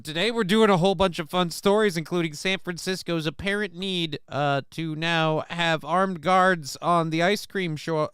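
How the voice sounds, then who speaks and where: Bright, crisp-voiced sarcastic male streamer. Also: a little high, no echo, clean studio sound. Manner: sarcastic, crude, rambling with fillers. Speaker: live-stream show host. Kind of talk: casual live-stream commentary reading chat.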